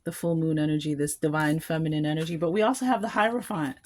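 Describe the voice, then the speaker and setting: A woman's voice: sits low, quick pace, a little mellow, slight background noise. A woman giving a collective tarot reading, musing aloud and rambling, with small laughs between thoughts. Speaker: tarot card reader.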